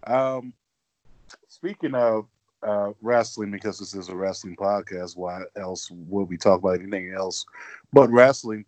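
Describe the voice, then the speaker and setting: A man's voice: on the low side, unhurried, a little mellow, dry recording. A man hosting a wrestling podcast, talking casually with many fillers and restarts. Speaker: podcast host.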